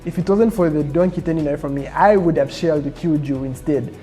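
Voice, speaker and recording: A commanding angel, as a man puts him on, speaking in a slow, measured, serious way. His mellow, dark tone stays close to an everyday voice. Soft music sits underneath. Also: on the high side, lightly acted. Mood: stern. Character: stern commanding male angel.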